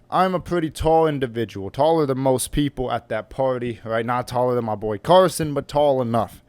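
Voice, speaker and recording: A man's voice: medium pitch, dry recording. A man in his twenties telling a personal story to camera in a blunt, joking, profane way. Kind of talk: casual storytime monologue.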